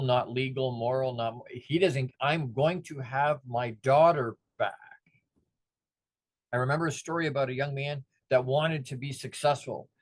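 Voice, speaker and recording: Middle-aged male motivational speaker, mid-range voice, lively storytelling that slips into character voices, close and dry sound. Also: medium pitch, no room sound. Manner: animated, acts out the voices of people in his stories.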